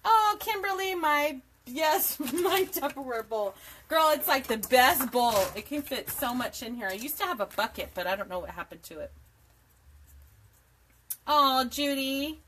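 A woman's voice: sits high, expressive, measured pace, a bit bright, slight background noise. A woman in her forties hosting a live craft tutorial from her home desk, chatty and rambling, laughing often and greeting viewers by name. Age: 40s. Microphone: camera mic at a desk.

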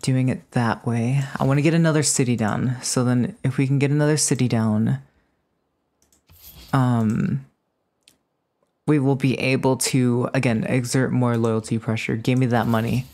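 A woman with a deep, low voice streams a game live. She banters playfully with her chat and bursts into excited exclamations. Her talk is loose, quick and casual. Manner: excitable outbursts. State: just woke up. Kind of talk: casual live gaming commentary.

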